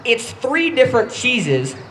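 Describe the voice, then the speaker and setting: Young male stand-up comic, high, animated delivery, self-deprecating, faint room noise. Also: poor audio. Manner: halting, self-deprecating, stumbles and restarts. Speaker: stand-up comedian. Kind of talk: stand-up comedy set.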